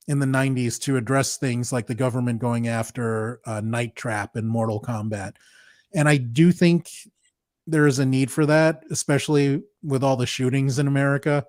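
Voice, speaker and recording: A man co-hosting a casual podcast, measured and analytical, with frequent "like" and "right". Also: medium pitch, darkish tone, dry recording, clean studio sound. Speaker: podcast co-host.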